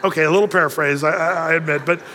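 A middle-aged male pastor delivers his sermon like a casual storyteller, sliding wry jokes into the scripture. His voice sits fairly high for a man. The sound rings with the long reverb of a sanctuary. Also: fairly even intonation, racing, pushed and bright. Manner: conversational storytelling with joking asides.

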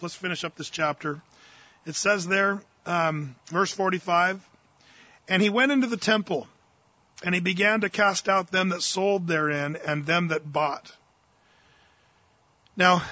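Bright-voiced, folksy male preacher. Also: sits high, no echo, dull audio. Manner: folksy and earnest, with fillers and slang. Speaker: pastor. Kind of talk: verse-by-verse sermon.

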